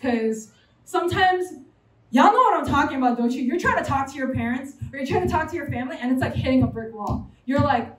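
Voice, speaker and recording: A young woman from New York City preaching a chatty, animated sermon to a college fellowship and joking with the audience. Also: high-pitched, brisk. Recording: roomy sound from a distant mic.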